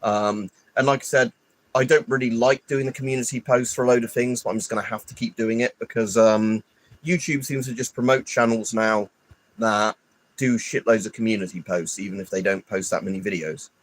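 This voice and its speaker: Male streamer, lowish voice, loose rambling delivery. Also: steady tone, a little fast. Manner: rambling, filler-heavy, easygoing. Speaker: livestream host. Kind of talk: casual livestream sign-off.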